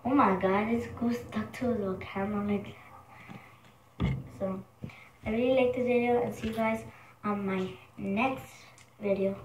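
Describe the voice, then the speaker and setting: A woman chatting casually to her viewers in a vlog, excitable and quick to exclaim in disgust. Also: medium pitch, echoey room, far from the mic, a little hiss or hum, rough recording. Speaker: vlogger.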